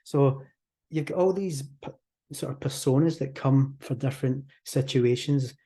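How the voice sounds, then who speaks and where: A Scottish man speaks as a hypnotherapist guest on a podcast interview. He talks fast and animatedly, and slips into acted-out example voices. His tone is dark and mellow. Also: medium pitch.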